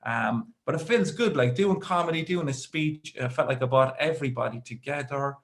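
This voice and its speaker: A man's voice: medium pitch, moderate pace. An Irish man in his thirties doing a stand-up comedy set, rambling through stories with dry asides.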